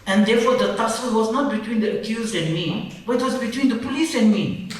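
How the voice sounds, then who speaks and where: A woman's voice: fairly high pitch, fairly quick, slight background noise. A woman from Nagaland, a human rights defender speaking emphatically and indignantly at a public panel, often repeating phrases. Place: large event hall. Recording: very echoey hall, mic far off.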